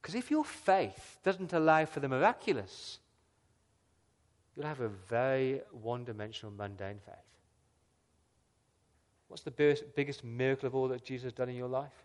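A man's voice: medium pitch, expressive, moderate pace, long pauses. Earnest male pastor preaching. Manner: earnest preaching with rhetorical questions and big swings between loud and soft. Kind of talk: sermon.

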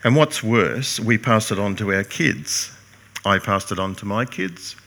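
Bright-voiced older male pastor preaching. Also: fairly low pitch, animated, a little slow, creaky. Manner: earnest, emphatic preaching with rhetorical questions. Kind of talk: sermon.

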